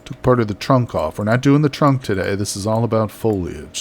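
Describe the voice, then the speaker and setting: A man's voice: on the low side, animated, a little fast, slight background noise. A man chatting casually on a live game stream, reading out viewer messages and laughing often. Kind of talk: casual live-stream chat while building.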